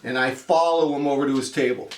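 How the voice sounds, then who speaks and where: A man's voice: medium pitch, steady tone, fast, roomy sound, far from the mic, slight background noise. A man in his fifties from the United States telling a travel story in a chatty vlog, acting out the people he quotes. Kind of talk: casual spoken storytelling.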